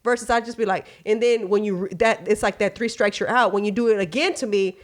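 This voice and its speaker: A woman's voice: medium pitch, steady tone, fast. A woman hosting a podcast, talking candidly and casually with lots of filler phrases, acting out bits of dialogue as she goes. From Texas. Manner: slips into quoted dialogue voices. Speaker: podcast host. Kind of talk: casual chat.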